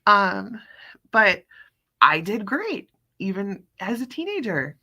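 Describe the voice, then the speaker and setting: Casting: woman host in her thirties, bright tone, chatty storyteller, plenty of fillers. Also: mid-range voice, very animated, slow. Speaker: podcast host. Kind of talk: casual livestream chat.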